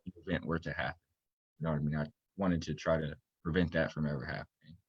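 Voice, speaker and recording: A man's voice: extremely low pitch, flat delivery, fast talker, husky, dry recording, highs cut off. A young man from Florida, a student-athlete guest, telling his story earnestly in a casual interview, rambling with many fillers. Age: young adult.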